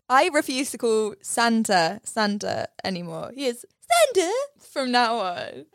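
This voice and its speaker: High, bubbly woman. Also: lively intonation, a little slow, hardly any pauses. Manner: bubbly, laughs often, does silly voices. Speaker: podcast co-host. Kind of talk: casual chat.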